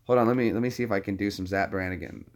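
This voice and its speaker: A man's voice: fairly low pitch, rapid-fire. A man hosting a casual live stream, rambling and slipping into voice impressions mid-sentence.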